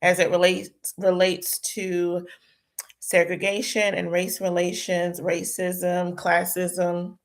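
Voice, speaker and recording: A woman's voice: on the low side, completely flat delivery, takes it slowly. A young woman, hosting a casual live-stream chat, chatty and prayerful, her voice sounding tired. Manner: chatty, prayerful, talks to viewers as y'all. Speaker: host.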